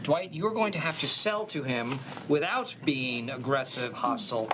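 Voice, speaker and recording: A boastful, bumbling office boss lectures his staff and shows off in a sitcom scene, played by a man. His voice sits at a middle pitch. Steady background noise runs under the TV clip. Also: moderate pace, close to an everyday voice. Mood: bossy. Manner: bossy, showy. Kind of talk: sitcom acting.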